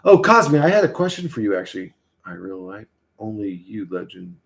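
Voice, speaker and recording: A man's voice: on the low side, very animated, moderate pace, vocal fry. A man hosting a casual livestream, rambling and swearing as he talks to his chat and to his dog. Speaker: livestream host.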